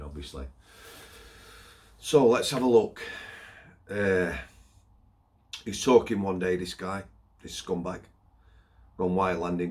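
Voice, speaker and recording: A man's voice: sits low, a little mellow. A middle-aged man, a former prison officer telling a story in a blunt, scornful way, broken into short phrases with plenty of "you know"s. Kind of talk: casual storytelling monologue.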